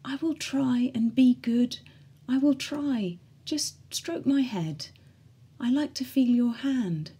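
A woman's voice: sits high, takes it slowly, mellow, slightly rough, voice pushed up, heavily acted. A woman doing a pleading whispery young patient.

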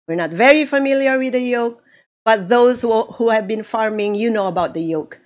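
A woman pastor from the Philippines preaching a sermon, slow and animated, acting out quotes as she goes. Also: fairly high pitch.

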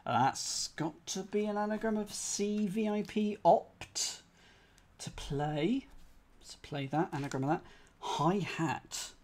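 A man's voice: high-pitched, takes it slowly, a little mellow. A man solving a cryptic crossword live on stream. He thinks aloud, spells out letters one by one and talks to his chat.

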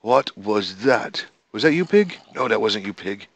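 A man casually commenting on his own gameplay, excitable and talking to the animals and monsters he meets. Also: lowish voice, unhurried, vocal fry, no echo. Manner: excitable, talks to the animals and mobs in the game. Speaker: gamer. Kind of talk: casual let's-play commentary. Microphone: desk microphone.

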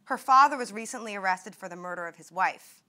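A woman voicing a polished female TV news anchor who announces in a crisp, formal way. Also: medium pitch, lively intonation, fairly quick, sharp tone. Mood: announcing.

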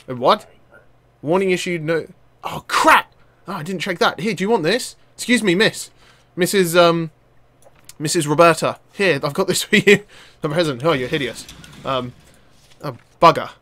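A young man giving excitable let's-play commentary, laughing, swearing and talking back to the characters on screen. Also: fairly high pitch, no echo. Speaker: gaming channel host.

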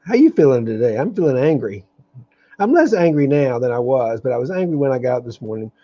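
Earnest man, dark dull webcam sound. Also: medium pitch, very animated. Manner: earnest, openly angry, halting with restarts. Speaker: host of a daily live meditation stream. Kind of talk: live-streamed spiritual talk.

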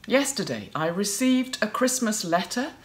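A woman preaching a sermon in an expressive way, playfully acting out voices as she tells the story. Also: mid-range voice, normal speed.

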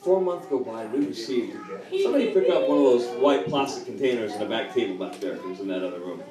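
A man giving an animated spoken testimony, chuckling and expressive as he tells his story to a gathering. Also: mid-range voice, fast talker, a crowd in the background. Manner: chuckling, expressive, often laughing while telling. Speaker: guest speaker giving a testimony. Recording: echoey hall from far off, audience noise.

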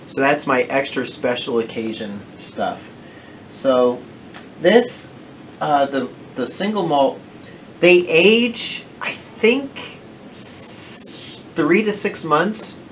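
A man with a New Jersey accent chats casually through a whiskey review in his home den, rambling and correcting himself along the way. His voice sits a little high, animated, with drawn-out words and slight background noise.

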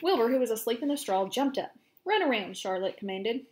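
A woman teacher reading a children's chapter book aloud to her class, steady and clear. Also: a little high, a little fast.

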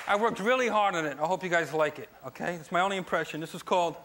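A young stand-up comedian from New Jersey works a live television studio crowd with punchy, energetic delivery, his voice pitched high for a man. Loud audience laughter and steady studio noise fill the gaps between his lines. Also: quick pace, hardly any pauses. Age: young adult. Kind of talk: stand-up set on a late-night TV show.

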